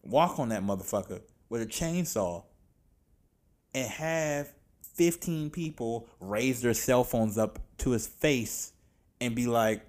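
A man talking loosely and fast in a casual podcast rant, slangy and profane. His voice sits at an ordinary middle pitch, and he swings from low muttering to loud outrage. He sounds like a host speaking straight to his listeners. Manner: animated, profane, exasperated, slangy. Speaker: podcast host reviewing films.

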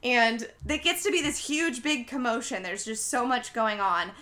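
A young woman chats casually as a podcast host, walking through a film's plot scene by scene. Her voice is bright and a little high. She acts out each character's lines, jumping up in pitch for them. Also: lively intonation, normal speed. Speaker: podcast host recapping a film. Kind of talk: casual chat, animated retelling.

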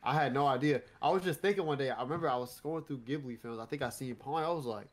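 A man's voice: mid-range voice, fast. A man in a casual podcast chat who talks hesitantly, filling sentences with "like" and restarts. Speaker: podcast co-host.

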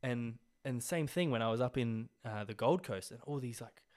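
A man's voice: medium pitch, normal speed, darkish tone. A young Australian man hosting a casual solo podcast, rambling and swearing, full of fillers, coughing a little as he gets over an illness. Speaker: podcast host.

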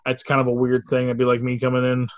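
A man telling a story in casual chat, animated and acting out the quotes with exclamations. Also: medium pitch, fast talker, no echo. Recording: dull lo-fi dry recording.

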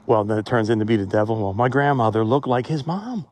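Mid-range in pitch and quick in pace, this man's darkish voice comes through without echo. He's a vlogger strolling outdoors in a cemetery, phone in hand, musing aloud in a loose, reflective ramble.

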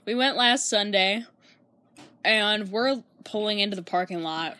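A woman's voice: mid-range voice, a little slow, pushed and bright, no echo. A young woman chatting casually as a podcast co-host, laughing often and sometimes losing her thread. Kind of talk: casual chat.

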